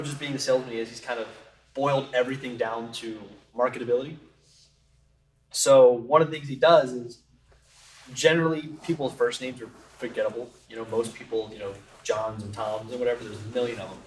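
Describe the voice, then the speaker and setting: A man talks through his thoughts in a relaxed, rambling way. His voice sits mid-pitch, carries room echo, and sounds a little away from the mic. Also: brisk. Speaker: tabletop game player. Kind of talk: casual chat. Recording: roomy and distant from mic.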